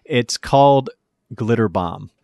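A man's voice: mid-range voice, slow, creaky, warm tone, no echo. A man co-hosting a podcast, rambling enthusiastically through a story in casual chat. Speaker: podcast co-host.

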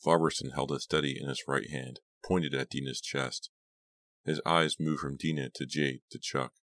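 A man narrating an audiobook in a steady, measured way. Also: a bass voice, no echo. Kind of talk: scripted narration.

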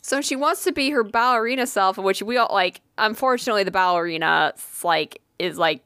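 A woman's voice: medium pitch, a little fast, clean tone, no room sound. Young woman ranting thru a work story, lots of likes and swearing, dry close sound. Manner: animated storytelling, frequent swearing and filler "like". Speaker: podcast co-host. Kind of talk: casual chat.

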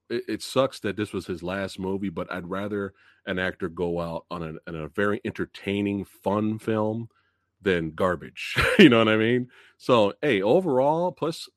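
A fairly low-pitched man runs a live movie review stream, heard in a dry, clean studio recording. Laughing frequently and talking in easygoing slang, he's excitable as he greets viewers and reads their chat aloud.

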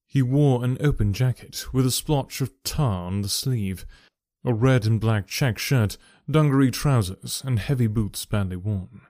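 A man reading a story aloud in a measured, even narration. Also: medium pitch, no echo, studio quality. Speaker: audiobook narrator.

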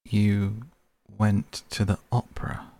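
A man reads a deep, gravelly-voiced painter, earnest and grieving. He pleads and reproaches in a husky low tone, read in his own voice as part of a bedtime storybook. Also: steady tone, normal speed, darkish tone, exaggerated voice. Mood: pained, reproachful. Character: grieving earnest male painter, middle-aged.

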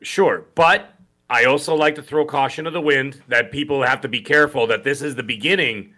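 A man co-hosting a casual podcast, halting and repeating words as he works toward his point. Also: mid-range voice, sharp tone. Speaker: podcast co-host.

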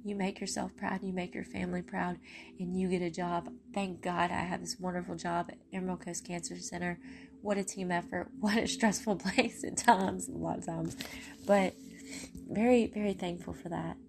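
A woman's voice: lowish voice, flat delivery, gravelly, background noise. A tired woman giving an earnest, emotional personal testimony on a podcast. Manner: earnest, heartfelt, preachy, with pauses. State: tired, voice going.

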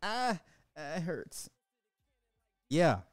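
A man's voice: fairly high pitch, very animated, very slow, no echo, clean studio sound, soft background music. A middle-aged man hosting a livestream, ranting bluntly and with profanity in casual commentary, repeating his points for emphasis. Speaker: livestream host.

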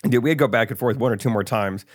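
A man's voice: mid-range voice, racing, dry recording, studio quality. A young man, a podcast co-host and stand-up comedian, telling stories in a casual chat and acting out voices from his shows. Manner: animated, acts out crowd voices.

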